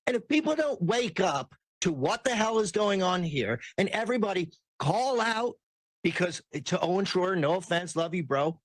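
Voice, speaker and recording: Ranting high-voiced man, dry close sound. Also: dry recording. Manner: ranting, sarcastic, mimics people in quotes. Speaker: commentary host. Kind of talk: heated political commentary.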